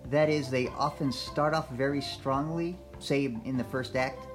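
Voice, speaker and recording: A man reading out his own film review for a podcast, in a measured, scripted way with dry asides. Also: mid-range voice, steady tone, over music. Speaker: listener sending in an audio review.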